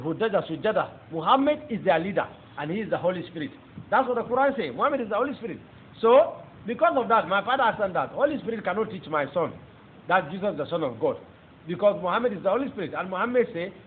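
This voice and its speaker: A man with a Nigerian accent giving a fervent, emphatic testimony sermon as a preacher. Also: high voice. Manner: fervent, emphatic, rising into exclamations. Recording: tinny phone-like audio with faint noise.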